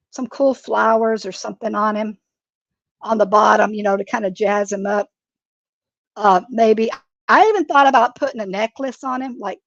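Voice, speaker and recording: A woman's voice: mid-range voice, dry recording, dull audio. A middle-aged woman chats and laughs often while she sculpts and paints on a live stream from her craft table at home. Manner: chatty and rambling, laughs often. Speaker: craft presenter.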